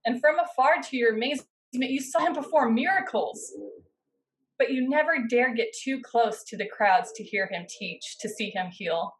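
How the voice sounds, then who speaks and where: A woman pastor preaching a sermon, guiding her listeners through a scene in the second person with slow, dramatic pauses. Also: on the high side, poor audio. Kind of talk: sermon with guided imaginative narration.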